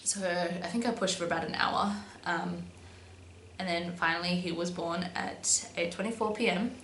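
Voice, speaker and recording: A young woman who vlogs chats about something personal at normal speed, her fairly low voice carrying a slight brightness. Plenty of "um" and "but yeah" fill her casual telling, and the room is echoey with a faint hum.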